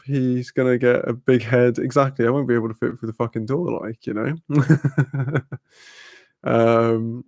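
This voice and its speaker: A man's voice: mid-range voice, gravelly, a little mellow, no echo. A young man hosting a livestream, chatting casually and reading out viewer comments, laid-back, laughing often and swearing freely. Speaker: livestream host.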